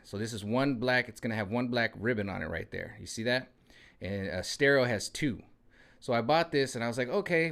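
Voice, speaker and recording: Rambling man in his forties. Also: lowish voice. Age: 40s. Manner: rambling, conversational, addresses viewers directly. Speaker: vlogger. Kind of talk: casual talking-to-camera vlog.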